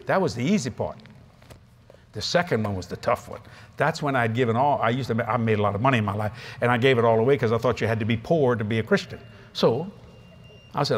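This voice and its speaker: A male preacher telling humorous, folksy stories in a lively sermon. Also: medium pitch, a little fast, breathy edge. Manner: folksy, humorous, animated storytelling with many acted quotes. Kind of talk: sermon with storytelling.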